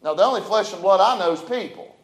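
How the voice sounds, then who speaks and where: High-voiced preacher in an echoey church. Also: male voice, expressive, fast. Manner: folksy, dynamic preaching with big swings in loudness. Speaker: pastor. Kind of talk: sermon. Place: church sanctuary.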